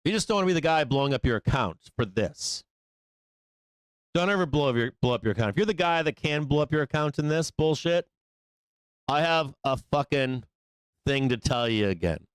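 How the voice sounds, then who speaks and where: Brash trading host, smooth and dry, rambling, swears freely. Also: male voice, mid-range voice, expressive, normal speed, no echo. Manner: blunt, profane, rambling. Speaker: live trading show host. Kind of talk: live market commentary.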